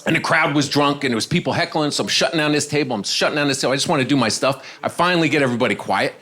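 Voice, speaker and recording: Stand-up guy on a club mic, loose rambling storytelling, bit of a high voice. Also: racing, a bit bright. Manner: loose, rambling, self-amused. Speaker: stand-up comedian. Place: comedy club stage.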